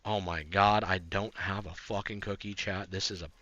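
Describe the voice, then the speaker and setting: A man streaming a video game, chatting casually to his viewers, rambling with fillers and swearing, breaking into frantic yells in fights. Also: low voice, fairly even intonation, normal speed, no room sound, highs cut off. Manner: laid-back, swearing, rambling with many fillers; bursts into frantic yelling during fights. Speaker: gaming streamer. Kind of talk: casual live-stream chat while gaming.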